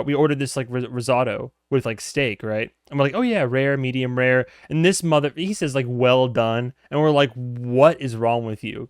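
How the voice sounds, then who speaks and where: A man's voice: a little high, a bit bright, clean tone, no room sound, clean studio sound. A man hosting a reaction video, chatting casually with many restarts and asides. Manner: rambling, self-interrupting, chatty.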